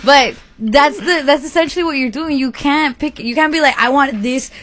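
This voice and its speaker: A woman's voice: sits high, moderate pace, crowd noise. A woman co-hosting a radio show, teasing her co-hosts and chatting casually. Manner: playful, teasing, laughs often. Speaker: radio co-host. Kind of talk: casual banter.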